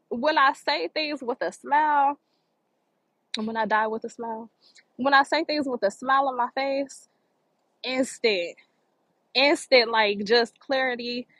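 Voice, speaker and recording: Standing near the water outdoors, a motivational vlogger gives an earnest spiritual pep talk, repeating her key phrases for emphasis. Her voice is fairly high and a bit bright, sounding dry and close with no room sound on a low-quality recording.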